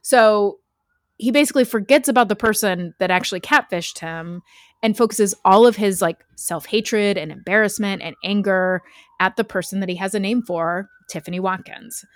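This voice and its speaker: A woman's voice: mid-range voice, normal speed, dry recording. A woman hosting a podcast, casually telling a true crime story with frequent fillers and laughs. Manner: chatty, laughs often, lots of "like" fillers.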